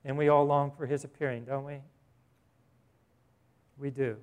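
A man's voice: mid-range voice, little pitch movement, measured pace, smooth. A middle-aged male pastor preaching a sermon in a conversational way that builds to fervent emphasis.

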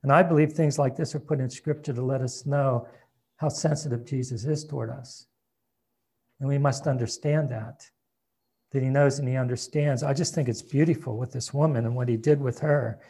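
A man preaching a sermon in a conversational way, reading scripture aloud and dropping to a soft, hushed voice at tender moments. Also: mid-range voice, steady tone, normal speed, slightly rough. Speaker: pastor.

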